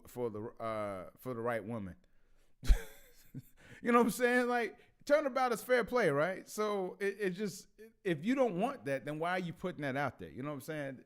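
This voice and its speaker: A man hosting a casual commentary vlog who laughs often and stammers through restarts. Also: on the high side. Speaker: vlog host.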